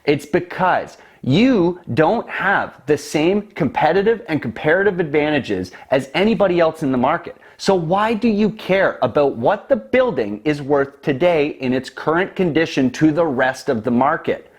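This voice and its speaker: A man in his twenties speaks in a somewhat high voice. He explains investing to the camera with emphatic, persuasive confidence, leaning hard on his points. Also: expressive, moderate pace, few pauses. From Canada. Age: 20s. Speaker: real estate investor.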